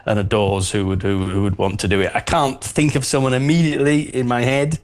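A man's voice: medium pitch, level tone, a little fast. A man calling into a radio show, earnest and opinionated, often restarting his sentences. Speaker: caller. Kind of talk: phone-in call.

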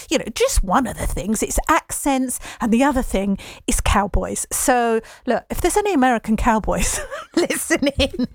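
A woman's voice: a little high, no room sound, studio quality. Bubbly woman hosting a chat show. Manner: bubbly and gushing, trails off and restarts. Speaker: radio show host. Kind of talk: casual morning show chat.

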